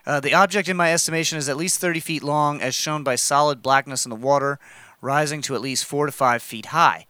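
A man's voice: on the high side, a little fast, pushed and bright, smooth, no echo. A man co-hosting a casual podcast, joking around and reading a news story aloud with asides. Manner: laid-back, joking, reads articles aloud with asides. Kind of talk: casual chat.

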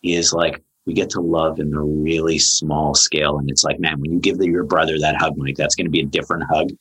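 A man's voice: level tone, fairly quick, fairly bright tone, slightly rough, poor audio. A man speaking as a therapist guest in a casual podcast conversation, earnest and rambling, with many fillers and voices for quoted people. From Canada. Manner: rambling, earnest, many fillers, high-pitched when quoting.

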